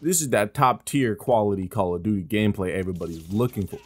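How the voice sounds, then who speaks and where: A man's voice: fairly low pitch, fast. A man giving live gameplay commentary, exasperated and swearing as he trash-talks opponents and teammates and asks his viewers questions. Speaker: gaming streamer.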